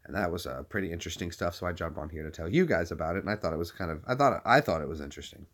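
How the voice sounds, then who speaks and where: A man's voice: deep voice, very fast, a bit bright. Rambling jokey man streaming live. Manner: rambling, jokey, puts on silly voices. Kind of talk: casual live-stream chat.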